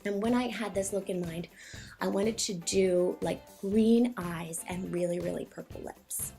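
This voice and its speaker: A young woman talking through a makeup tutorial in a chatty, quick way, a little out of breath. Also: medium pitch, vocal fry, dark tone, soft background music. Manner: chatty, quick, filler-heavy. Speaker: makeup vlogger. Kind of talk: casual makeup tutorial voice-over.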